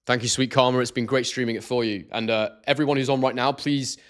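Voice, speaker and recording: An excitable man talking straight to his viewers on a live stream. He is chatty and loose, and he keeps reading out names and messages from the chat. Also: medium pitch, fast talker. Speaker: boxing stream host.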